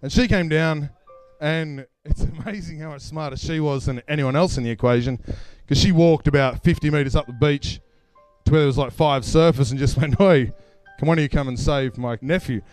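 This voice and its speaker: Australian male storyteller, casual and self-mocking, fairly high, smooth voice, live stage mic, faint music behind. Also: normal speed, darkish tone, no echo. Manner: casual, self-deprecating, laughs through lines. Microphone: stage microphone.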